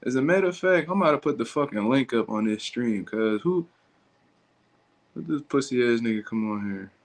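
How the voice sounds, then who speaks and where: A man's voice: medium pitch, lively intonation, normal speed. A man hosting a casual livestream who reacts to viewer comments in blunt, slangy, profane talk. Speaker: livestream host.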